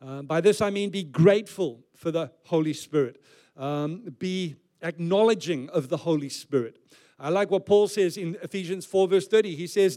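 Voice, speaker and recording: A man's voice: on the high side, normal speed, warm tone. A man, preaching as a pastor in a conversational way with joking asides. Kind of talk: sermon.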